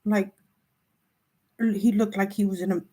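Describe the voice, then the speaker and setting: A woman hosting her spiritual tarot vlog, talking in a halting, tearful and apologetic way as she cries. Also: medium pitch, steady tone, mellow. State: crying. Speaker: tarot reader.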